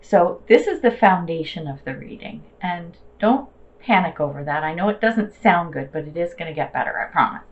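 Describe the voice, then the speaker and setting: Woman doing a casual tarot reading, lowish voice, kinda muffled lo-fi audio, chatty and reassuring. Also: expressive, moderate pace. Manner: chatty and reassuring, with fillers and slang. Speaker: tarot reader.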